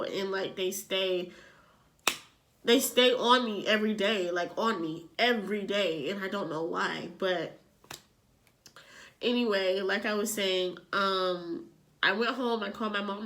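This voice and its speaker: A young adult woman vlogger telling a personal story in casual chat, animated and filling her talk with "like". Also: medium pitch. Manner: chatty, animated, fills with "like".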